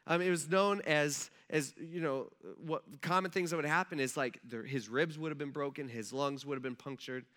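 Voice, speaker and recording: A man's voice: a little high, normal speed, few pauses, fairly bright tone. A male pastor giving a sermon as casual, conversational storytelling with slang, acting out the voices of the people in the story.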